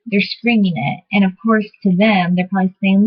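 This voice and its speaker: A woman with a breathy, slightly husky voice talks her viewers through a topic in a loose, meandering vlog style. She keeps stopping to rephrase and fill gaps with little asides. The sound is muffled and lo-fi, like an older home video. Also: medium pitch, steady tone, moderate pace. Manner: rambling, many fillers and self-corrections. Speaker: vlogger teaching divination. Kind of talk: casual explanatory talk to camera.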